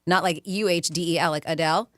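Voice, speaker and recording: A woman's voice: fairly low pitch, fairly even intonation, fast talker, dry recording, studio quality. A woman co-hosting a radio show, chatting casually and reading out celebrity news with a laugh.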